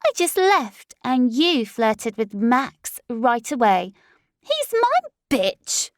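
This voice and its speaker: A woman voicing a jealous, furious young werewolf woman with a high-pitched, accusing voice in an audiobook. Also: animated, drawn-out words, gravelly, dry recording, studio quality, exaggerated voice. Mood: raging. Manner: accusing, raging. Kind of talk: audiobook character voice.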